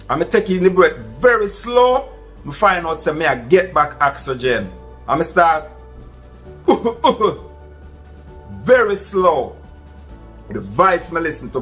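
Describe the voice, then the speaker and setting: A vlogger with a Jamaican accent casually tells his viewers a true first-person story, speaking earnestly and calling them "my people." His voice is a little high and a bit bright.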